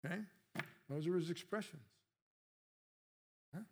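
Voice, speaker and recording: A man's voice: fairly high pitch, moderate pace. A man pastor delivering a conversational sermon, asking the congregation rhetorical questions and lifting his voice sharply on emphasized words.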